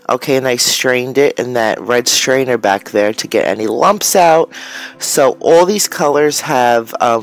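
A woman in her forties chatting casually and rambling a bit, with lots of fillers, as she shows her craft materials. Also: very deep voice. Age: 40s. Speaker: crafter vlogger. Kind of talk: casual chat while showing art materials.

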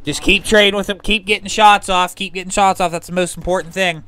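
A man with a bright, crisp voice pitched a little high leads his team in a live game stream. He rallies them with short, repeated commands over voice chat, clear and forceful. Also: steady tone, fairly quick. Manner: commanding, rallying, repeats orders. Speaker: streamer leading a squad as in-game officer. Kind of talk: live gameplay voice chat, barking orders.

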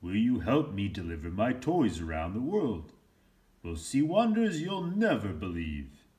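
A man voicing a jolly old Santa in a storybook read-aloud, loud, slow and hearty. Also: on the low side, very animated.

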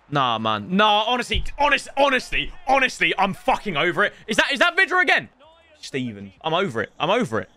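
A young man commentating his own football video game to viewers, sweary and excitable. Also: high-pitched, a little fast. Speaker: gaming streamer. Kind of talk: live gameplay commentary.

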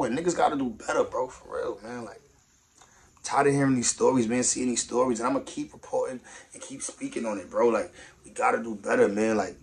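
A young man giving slangy, animated commentary on a news story, swinging from soft to loud. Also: medium pitch. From New York. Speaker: vlogger reacting to news. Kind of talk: casual street-talk commentary.

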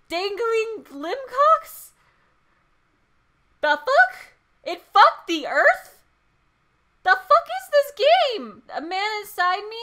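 Woman streamer freaking out over a horror game, swears constantly, bright sharp voice. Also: very high-pitched. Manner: frightened, swearing, gasping and nervous laughing. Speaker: let's play gamer. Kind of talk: reactive horror game commentary.

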